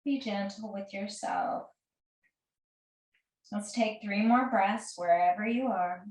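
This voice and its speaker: A woman teaching a guided restorative yoga class, giving gentle, soothing cues and counting breaths slowly. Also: mid-range voice, far from the mic. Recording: roomy echo, voice a bit off-mic.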